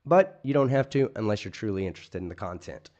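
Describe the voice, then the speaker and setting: A man's voice: fairly low pitch, big pitch swings, quick pace, a little mellow, lo-fi sound. A man hosting a late-night livestream, chatting casually and ranting with lots of profanity. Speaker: streamer host.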